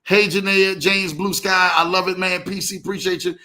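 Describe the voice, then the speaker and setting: A man hosting a casual livestream, animated, greeting viewers by name and telling stories in loose slang. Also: high voice, normal speed. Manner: animated, reads out viewer comments, Southern US slang. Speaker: livestream host.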